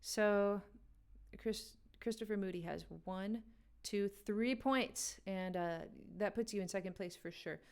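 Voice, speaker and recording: A woman's voice: medium pitch, a little slow, darkish tone, smooth. Chatty woman hosting a music game. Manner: chatty, laughing, talks to chat. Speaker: livestream game host. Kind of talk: casual livestream chat.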